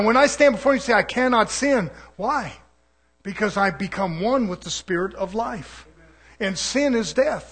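Husky preacher swinging soft to fervent. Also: male voice. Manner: swings from soft murmurs to loud, high-pitched exhortation; folksy, conversational preaching with rhetorical questions. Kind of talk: sermon.

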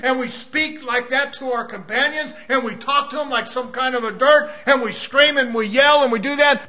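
High, bright-voiced fervent male preacher. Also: moderate pace, few pauses. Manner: fervent, emphatic, rhetorical questions. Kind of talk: sermon. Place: church service.

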